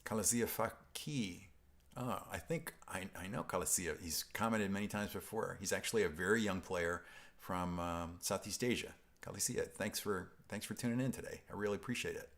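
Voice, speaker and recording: Deep-voiced male host from upstate New York; loose, chuckling live-stream chatter that wanders off topic. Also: moderate pace, fairly bright tone. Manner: rambling, self-interrupting, chuckling. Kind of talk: casual live-stream chat reading viewer comments.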